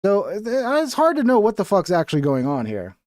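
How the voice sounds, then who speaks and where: A man's voice: high voice, huge pitch swings, brisk, darkish tone, no echo, clean studio sound. A man streaming casual reaction commentary, sarcastic and profane as he mocks what he watches.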